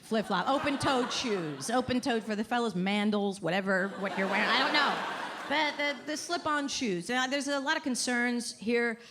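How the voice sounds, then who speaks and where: A middle-aged woman performing a stand-up set, wry and self-deprecating, rambling and then bursting out loudly. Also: a little high. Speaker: stand-up comedian. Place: comedy club stage with live audience. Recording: live club recording with crowd noise. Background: audience laughter and cheering.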